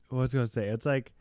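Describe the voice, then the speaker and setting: A man's voice: on the high side, no echo. A young man co-hosting a podcast, telling self-mocking stories in casual chat and laughing often. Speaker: podcast co-host.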